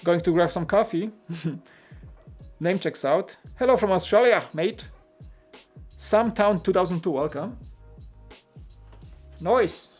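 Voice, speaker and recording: A man's voice: high voice, takes it slowly, pauses often, darkish tone, breathy edge, soft background music. A man hosting a live building stream, chatting casually in a rambling way with lots of filler words and greeting viewers' comments. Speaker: live-stream host building a toy set.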